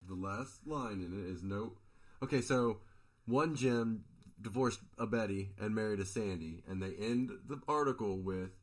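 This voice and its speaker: A man co-hosting a casual podcast, relaxed and brief in his replies. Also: on the low side, normal speed. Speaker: podcast co-host.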